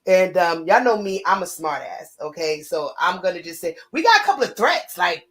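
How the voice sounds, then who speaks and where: A woman co-hosting a casual live-stream chat with a New York accent, talkative and playful with shout-outs. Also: lowish voice, very animated, normal speed, low-quality recording. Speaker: co-host.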